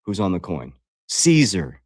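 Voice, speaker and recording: A man's voice: low voice, huge pitch swings, a little slow, a little mellow, breathy edge, no echo, studio quality. A man speaking as a life coach on a livestream, blunt and confrontational, swearing freely and talking straight to his viewers. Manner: addresses viewers directly as guys. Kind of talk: livestream motivational talk.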